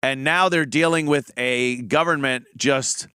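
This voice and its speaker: A man's voice: mid-range voice, a little slow, pushed and bright, clear, resonant tone, no room sound, studio quality. A middle-aged man hosting a show, giving a blunt, profane, mocking opinion monologue in casual talk. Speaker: podcast host.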